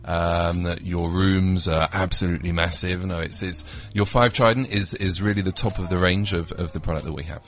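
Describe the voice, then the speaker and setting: Easygoing British man, low voice. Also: steady tone, normal speed, hardly any pauses, fairly bright tone, soft background music. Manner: easygoing, hesitant with frequent ums. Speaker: guest, resort company representative. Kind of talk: casual chat.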